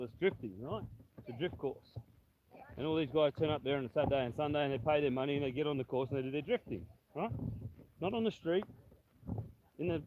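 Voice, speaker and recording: An Australian man hosting a casual chat, telling blunt, sweary stories. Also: on the high side. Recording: tinny phone-like audio with faint noise.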